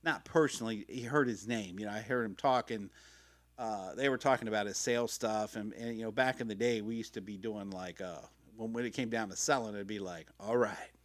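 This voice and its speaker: Speaking fairly quickly in a fairly low voice, this middle-aged podcast host shares his own story in a rambling, slangy style. He curses freely and performs the quotes, all captured through a podcast mic.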